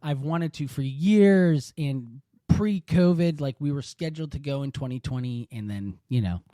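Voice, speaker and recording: A man's voice: fairly high pitch, moderate pace, warm tone, dry recording, studio quality. A man hosting a podcast interview, enthusiastic and rambling, full of "like" and "um". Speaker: podcast host. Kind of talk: casual interview chat.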